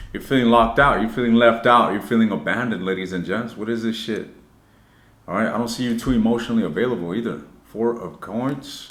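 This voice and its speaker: A man giving a casual tarot reading to camera, blunt and profane, talking straight to his viewers and moving between joking asides and earnest advice. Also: lowish voice. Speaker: tarot reader. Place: indoor room. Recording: roomy echoey room.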